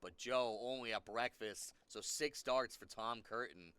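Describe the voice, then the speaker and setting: A man's voice: medium pitch, a little slow, pushed and bright, a little hiss or hum. A man giving live color commentary on a darts match, analytical and repeating points for emphasis.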